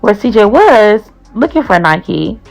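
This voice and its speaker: A woman's voice: mid-range voice, big pitch swings, a little slow, vocal fry, faint music behind, rough recording. A woman hosts a gossip vlog and recaps online drama in a chatty, casual way, full of slang and asides to her viewers. Her voice sits in a middle register, and she talks straight into the camera. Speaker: host.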